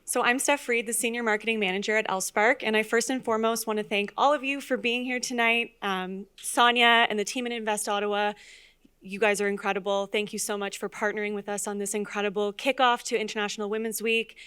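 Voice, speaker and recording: A woman's voice: mid-range voice, fairly even intonation, brisk, fairly bright tone, clear, resonant tone. A woman marketing manager giving enthusiastic closing thank-you remarks at a live event.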